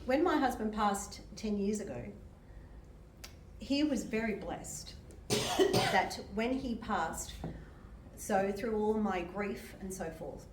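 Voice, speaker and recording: An older woman, a medium and reverend, gives a sermon with personal testimony in a gentle, emotional way and laughs often. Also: mid-range voice, animated, slow pace, noisy background. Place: church hall. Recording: echoey hall from far off.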